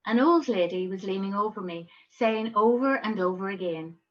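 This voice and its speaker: A woman voicing a young wounded man recounting his ordeal in a calm, matter-of-fact way. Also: medium pitch, moderate pace, dull audio, close to an everyday voice.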